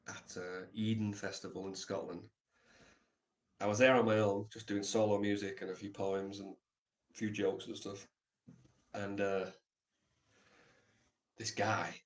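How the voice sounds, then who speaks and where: A man live streaming, telling a reflective story in a soft, halting way with many pauses. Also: fairly low pitch.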